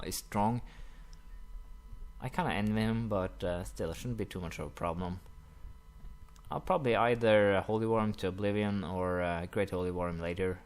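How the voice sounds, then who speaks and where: A young man commenting casually while playing a strategy game, rambling with many fillers and quick apologetic asides. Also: lowish voice, clear, resonant tone. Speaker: gaming commentator. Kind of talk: casual let's-play commentary.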